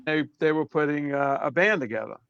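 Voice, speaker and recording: A man in his sixties from Brooklyn with a New York accent, telling stories as an interview guest in a relaxed way that trails off softly. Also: on the high side, brisk, gravelly, clear, resonant tone, no echo, dull audio. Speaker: drummer guest. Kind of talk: casual interview storytelling.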